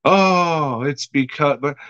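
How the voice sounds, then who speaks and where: A man's voice: on the high side, slow pace, a bit bright, clear, resonant tone, no echo, highs cut off, voice pushed up. A man voicing a fretful young wife confessing to a priest, in a put-on mock Irish accent.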